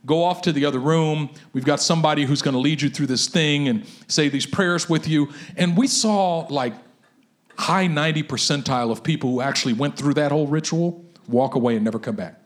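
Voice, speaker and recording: High-voiced preaching man. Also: brisk. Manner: animated preaching with vivid stories. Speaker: pastor. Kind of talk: sermon.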